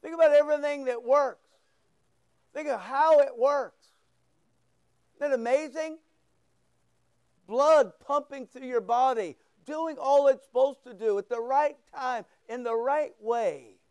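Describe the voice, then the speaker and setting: A man's voice: very high-pitched, a little slow, long pauses, a little mellow, smooth, no room sound, muffled recording. A man preaching a sermon, fervent and emphatic, with rising bursts. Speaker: pastor.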